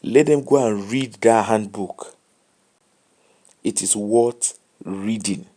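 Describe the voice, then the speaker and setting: A man's voice: lowish voice, slow pace, mellow. A tired man with a Nigerian accent hosting a late live show, giving casual commentary and advice in English mixed with Pidgin.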